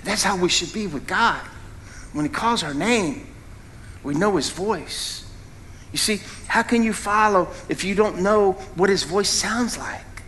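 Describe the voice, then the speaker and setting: A middle-aged preacher delivers his sermon in a bright, forceful voice that sits a little high for a man. He swings from low, steady talk to sudden, louder peaks and puts questions to the congregation. A faint hum of the room sits under his voice. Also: measured pace. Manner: animated preaching with sudden rises in pitch and volume, asks the congregation questions. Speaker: founding pastor.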